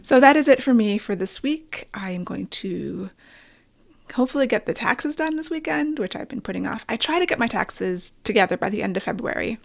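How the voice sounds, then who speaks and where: A woman's voice: a little high, animated, a little fast, gravelly. A middle-aged woman hosting her own podcast, chatting candidly and with self-deprecating humor about films and her week. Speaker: podcast host. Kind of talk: casual solo podcast chat.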